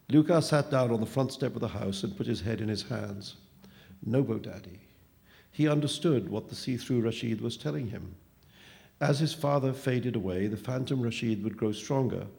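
Gravelly-voiced man reading a story. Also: mid-range voice, normal speed, dark tone.

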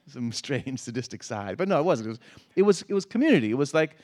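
Middle-aged man, conversational, halting delivery with restarts and laughs. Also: medium pitch, sing-song, darkish tone. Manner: halting, repeats words, laughs often. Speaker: guest. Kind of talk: conversational interview.

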